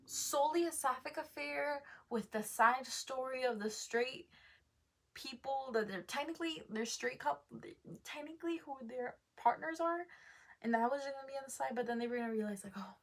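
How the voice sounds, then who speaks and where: A woman talks through a book review in a loose, rambling way. She fills her sentences with "like" and "um" and keeps stopping to correct herself. Her voice sits a little on the high side. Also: gravelly, fairly bright tone. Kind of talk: casual book review chat.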